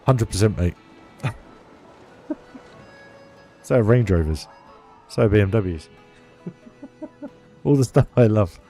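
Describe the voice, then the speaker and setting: A man's voice: fairly low pitch, expressive, takes it slowly, pauses often, dark tone. A man chatting casually on a live stream, laughing often and answering chat. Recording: faint music behind.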